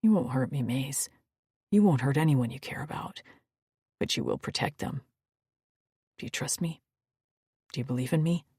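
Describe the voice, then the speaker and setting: A woman doing a gruff, steady alien warrior man. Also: moderate pace, pauses often, no echo, studio quality, heavily acted. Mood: soothing. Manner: low, firm and soothing.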